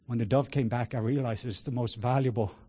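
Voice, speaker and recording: A man preaching a sermon with passion, moving between hushed words and loud exclamations. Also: medium pitch, steady tone, a little fast, slightly rough. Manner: sprinkles in laughter and cries of "whoa".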